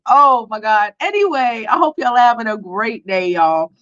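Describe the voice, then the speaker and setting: A woman's voice: on the high side, moderate pace, hardly any pauses. Chatty woman gossip livestreamer, lo-fi. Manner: chatty, animated, laughs a lot. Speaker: YouTube host. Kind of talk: casual celebrity gossip livestream. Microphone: webcam on a computer.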